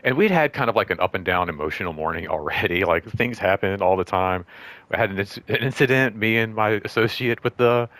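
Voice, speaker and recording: A show host with a fairly low, bright-edged voice tells a rambling work story at a brisk, expressive clip, packed with "like" and restarts as he acts out both sides of each conversation. The recording is dry, with no room sound.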